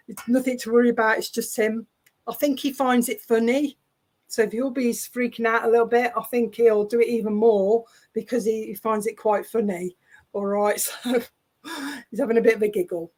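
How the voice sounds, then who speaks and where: A woman working as a spiritualist medium, relaying spirit messages over a video call in a chatty, halting, reassuring way. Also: on the high side, darkish tone, slightly rough.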